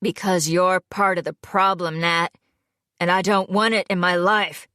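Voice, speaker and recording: A woman voicing a young man who is a cold and angry fiancé, speaking curtly in a low voice in an audiobook. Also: steady tone, measured pace, creaky, dry recording, clean studio sound. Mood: cold, bitter. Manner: curt, bitter, low-voiced. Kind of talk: audiobook character voice.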